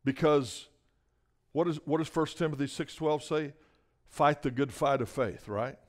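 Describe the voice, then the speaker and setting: A man's voice: fairly high pitch, measured pace. A man preaching a sermon as a guest speaker. He talks emphatically, often repeats words and asks the room for an "Amen?".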